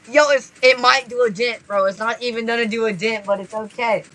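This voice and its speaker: An excitable gaming creator giving live gameplay commentary, chatty and repetitive, constantly talking to viewers and bursting into shrieks when startled. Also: mid-range voice, a little fast, few pauses. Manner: repetitive, chatty, playful slang.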